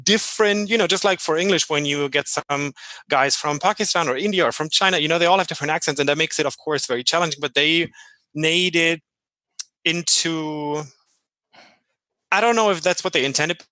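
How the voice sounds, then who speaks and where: A man with a German accent chatting on a podcast panel, his voice bright and fairly high. He talks loosely, circling back and restarting his sentences. The sound is close and dry, with no room around it. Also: brisk, dry recording. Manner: chatty, many fillers and restarts. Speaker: podcast co-host. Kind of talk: casual panel chat.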